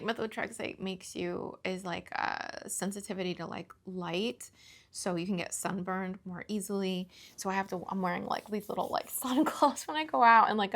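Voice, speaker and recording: A woman in her thirties speaks in a personal confessional vlog, her voice gravelly with vocal fry. She talks in a halting way, full of fillers and restarts, and sounds emotional and close to tears. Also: medium pitch, fairly bright tone. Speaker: vlogger.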